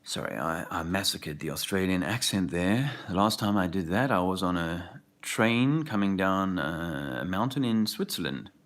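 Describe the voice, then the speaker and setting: A man's voice: deep voice, expressive, normal speed, few pauses, fairly bright tone. A man talking in a rambling casual monologue as an activist video host, often losing his thread.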